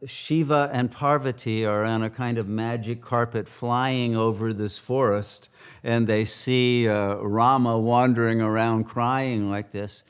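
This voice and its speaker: A man giving a spiritual retreat teaching, halting, with many filler pauses. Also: fairly low pitch, clear, resonant tone.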